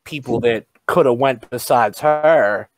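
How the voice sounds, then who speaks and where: A man's voice: medium pitch, a little slow, a little hiss or hum. A man hosting a podcast, chatting casually in a laid-back way and asking his guest questions. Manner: laid-back, laughs along, asks questions. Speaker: podcast host. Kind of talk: casual chat.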